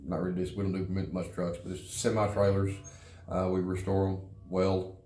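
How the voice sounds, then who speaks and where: Deep, flat-voiced man in an echoey room. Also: faint music behind. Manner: halting and earnest, repeats words. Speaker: interviewee, former prisoner in a recovery program. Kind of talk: personal testimony.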